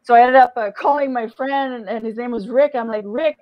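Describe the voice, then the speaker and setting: A woman's voice: a little high, fairly even intonation, a little fast, muffled recording, slight background noise. A middle-aged woman, an interview guest, frankly telling her personal story, often restarting and repeating words. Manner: frank, restarts and repeats words, laughs between heavy memories. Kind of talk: personal story told in conversation.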